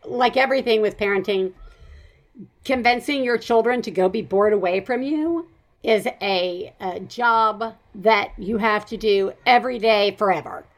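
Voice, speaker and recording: A woman with a Southern American accent hosting a podcast, talking in a chatty, animated way with frequent laughs. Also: medium pitch, a little slow. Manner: chatty, animated, laughs often, rambling asides. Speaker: podcast host. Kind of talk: casual chat.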